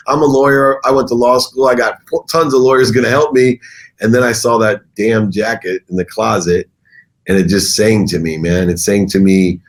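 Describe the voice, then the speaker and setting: A middle-aged man, a guest on an interview show, telling his story in conversation with an emphatic, animated delivery. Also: mid-range voice, normal speed.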